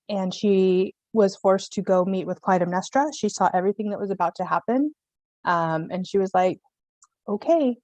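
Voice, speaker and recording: Panelist, woman, lively slangy storyteller, dry close sound. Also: medium pitch, no echo. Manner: animated, slangy, jokey retelling with voices. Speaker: mythology panelist. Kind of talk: casual storytelling.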